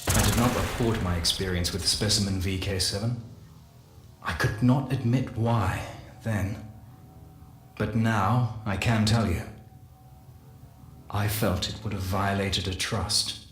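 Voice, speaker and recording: An actor playing a solemn male scientist narrating a game audio journal, measured and confessional. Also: lowish voice, steady tone. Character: solemn male scientist recounting guilty secrets. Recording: echoey voice with faint music.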